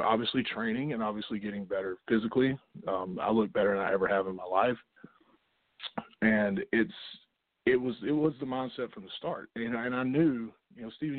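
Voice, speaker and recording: A man speaks in a low voice, chatting casually as a podcast guest. He often trips into restarts and fillers. The sound is thin and phone-like, and the room is dry and close. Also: no echo. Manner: halting, many restarts and fillers. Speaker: wrestler guest. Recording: tinny phone-like line.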